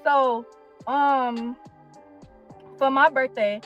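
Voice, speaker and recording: Young Chicago woman, high-pitched, blunt storytime rant, dull lo-fi audio with faint music. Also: slow pace, long pauses, fairly bright tone. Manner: blunt, profane, exasperated, repeats herself for emphasis. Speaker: content creator telling her side of a feud.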